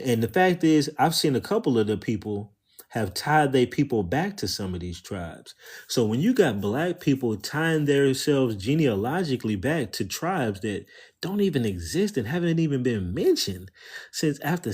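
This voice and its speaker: A man's voice: mid-range voice, a little mellow, slightly rough. A man, talking casually and rambling on a live stream, swearing, using slang and greeting his viewers.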